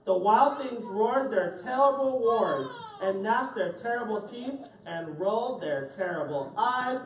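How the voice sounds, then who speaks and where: Drag queen storyteller, slow and animated, cracking jokes to the kids; distant, roomy recording. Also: mid-range voice. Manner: playful, joking asides to the audience. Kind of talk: reading a picture book aloud to children. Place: indoor event space with a family audience. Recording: echoey room, far from the mic, crowd.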